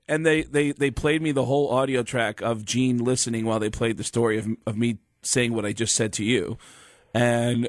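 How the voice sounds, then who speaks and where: A man who is a comedian guest on a podcast, telling lively anecdotes and acting out the voices of people he quotes. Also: medium pitch, normal speed, no room sound. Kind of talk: podcast storytelling. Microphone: studio microphone.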